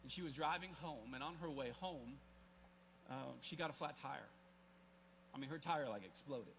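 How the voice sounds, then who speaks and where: At a live church service, a pastor in his forties shares a personal story with his congregation, speaking loosely and conversationally with many restarts and side remarks. His voice sits on the high side and is a bit bright, at normal speed, with a little hiss or hum in the recording.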